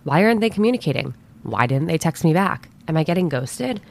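A woman reading a scripted sponsor message with an expressive delivery. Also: low voice, brisk, creaky, voice pushed down, heavily acted. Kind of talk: read sponsor ad.

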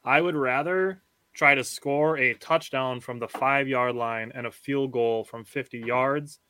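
A man hosting a casual sports podcast, talking in halting, filler-heavy stretches as he argues his points at length. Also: medium pitch, steady tone, bright, forceful tone, slight background noise. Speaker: podcast host.

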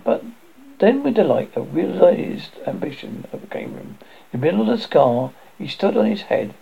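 A man narrating a novel aloud with an animated delivery, with slips he corrects as he goes. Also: medium pitch, vocal fry, breathy edge. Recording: dull lo-fi recording.

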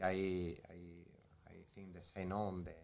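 A man's voice: low voice, level tone, unhurried, vocal fry. Hesitant Spanish man in broken English. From Spain. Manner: hesitant, repeating words, tagging "no?". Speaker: guest footballer. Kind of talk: casual interview.

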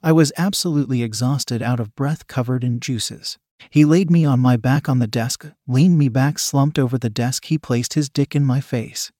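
A man's voice: medium pitch, moderate pace, mellow, no echo, studio quality. A man steadily reading a first-person erotic story aloud. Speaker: narrator.

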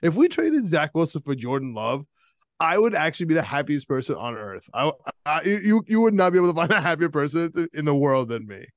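Excitable young New man, fan rant. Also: on the high side, fairly quick, no room sound, studio quality. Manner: excitable, rambling, laughs often. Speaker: podcast co-host. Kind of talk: casual sports chat.

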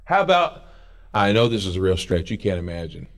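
Animated middle-aged man preaching a sermon. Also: low voice, fairly quick. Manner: animated, jokey preaching with sung snippets and quoted voices. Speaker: pastor. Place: church sanctuary.

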